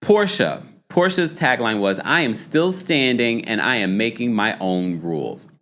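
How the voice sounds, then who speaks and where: Guy doing a reality tv recap stream, super lively pitch, laughs a lot, reads chat out loud. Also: measured pace. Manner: animated, laughing, reads chat comments aloud; puts on a dramatic voice to read taglines. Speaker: host.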